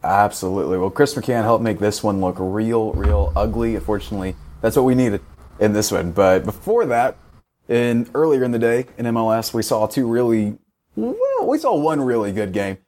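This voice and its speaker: A young man with a slightly low voice co-hosts a casual football podcast. He recaps the action in a wry, joking way. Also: sing-song, moderate pace, mellow. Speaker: podcast co-host. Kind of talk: casual sports chat.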